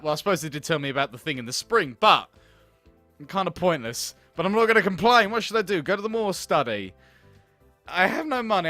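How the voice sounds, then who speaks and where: A man's voice: high voice, sharp tone, dry recording. A man doing let's play commentary on a game, grumbling, swearing and sarcastic. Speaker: gaming video host.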